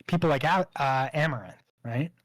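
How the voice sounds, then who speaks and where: A man's voice: medium pitch, normal speed, no echo. A Canadian man chatting casually about streaming platforms, laughing often and stammering on repeated words. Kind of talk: casual chat.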